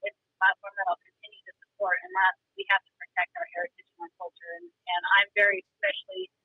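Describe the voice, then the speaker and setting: A woman guest from Montana telling stories in a chatty, animated way, calling in while she drives. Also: mid-range voice, fast talker, dry recording. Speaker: rodeo guest. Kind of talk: casual interview chat. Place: car. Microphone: phone call while driving. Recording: dull, dry phone-call audio.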